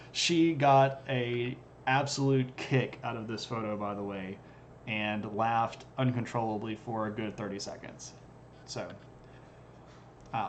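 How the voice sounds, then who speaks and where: A man's voice: mid-range voice, a little hiss or hum. Wry, rambling man chatting on stream. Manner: rambling, chuckles at his own jokes; wry, self-deprecating humor. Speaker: history streamer. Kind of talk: casual live-stream chat.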